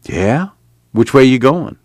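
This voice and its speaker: A man's voice: mid-range voice, expressive, takes it slowly, darkish tone, no echo, studio quality, voice pushed up. A man doing a terse, practical camp man. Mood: steady.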